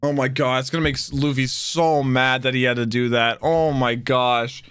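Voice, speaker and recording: A young man hosting an anime reaction, talking emotionally and often shouting in excitement. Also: medium pitch, moderate pace, clean tone, no echo, clean studio sound.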